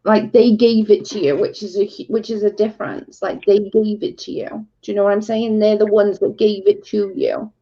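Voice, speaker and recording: A woman's voice: mid-range voice, level tone, moderate pace, few pauses, warm tone. Exasperated woman ranting on a stream. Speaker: livestream host. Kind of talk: casual livestream chat. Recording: dull lo-fi stream audio.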